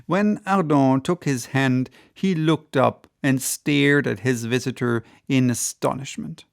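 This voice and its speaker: A man reading a classic novel aloud as an audiobook narrator, measured and even. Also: mid-range voice, creaky. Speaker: audiobook reader.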